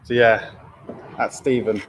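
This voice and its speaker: A man's voice: medium pitch, level tone, slight background noise. Chatty man in a garage. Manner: loose and chatty, with fillers and quick asides. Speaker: garage owner hosting a live stream. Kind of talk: casual live-stream chat, reading out viewer comments. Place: garage workshop. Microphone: laptop or camera mic held by a helper.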